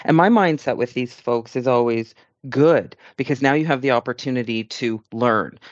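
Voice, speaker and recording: A man's voice: mid-range voice, moderate pace, no room sound, dull audio. A man co-hosting a podcast, speaking in an earnest, reflective and encouraging way. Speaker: podcast co-host. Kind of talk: casual podcast chat.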